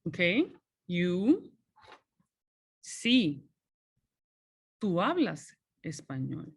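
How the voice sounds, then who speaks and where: A woman whose first language is Spanish, patiently walking students through a class assignment and often checking in with them. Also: medium pitch. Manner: patient, explanatory, frequent checking "okay?". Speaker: Spanish teacher. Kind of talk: recorded class walkthrough.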